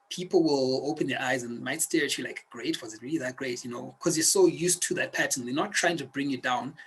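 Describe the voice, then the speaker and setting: A man's voice: on the high side, fairly bright tone, breathy edge, poor audio. A man teaching a self-help video lesson, speaking earnestly and directly to the viewer like a coach. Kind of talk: instructional video talk.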